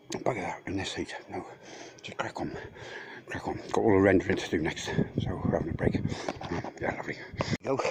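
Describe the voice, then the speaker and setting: Breathless bloke ranting outdoors. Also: male voice, low-pitched, a little mellow, low-quality recording. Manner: rambling, sweary, ranting at a rival. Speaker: vlogger. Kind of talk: casual walk-and-talk vlog. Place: outdoors at a building site in hot weather. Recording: clear background noise with clicks.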